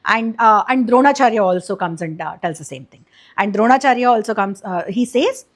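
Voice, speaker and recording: A woman's voice: medium pitch, lively intonation, brisk. A woman casually retelling an epic for kids, chatty and explanatory, with many fillers and restarts. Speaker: storyteller, channel host.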